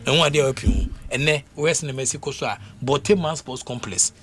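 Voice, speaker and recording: A man with a Ghanaian accent talking sports on the radio in a casual, animated way, laughing often and full of fillers and repeats. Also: mid-range voice, normal speed, slight background noise. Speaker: radio sports show panelist. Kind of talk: casual radio sports talk mixing English and Twi.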